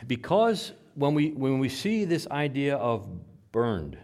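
A man preaching a sermon as pastor, swinging between quiet asides and loud, emphatic repeated phrases. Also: medium pitch, sing-song, slow pace.

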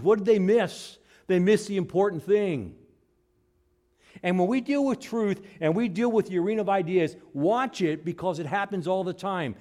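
A man preaching a sermon, emphatic, posing rhetorical questions and swinging between loud and soft. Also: a little high.

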